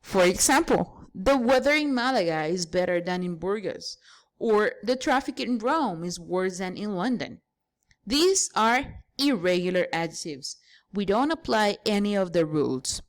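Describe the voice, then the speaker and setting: A woman's voice: medium pitch, expressive, a little slow. A woman English teacher giving a grammar lesson, explaining patiently step by step and spelling out letters.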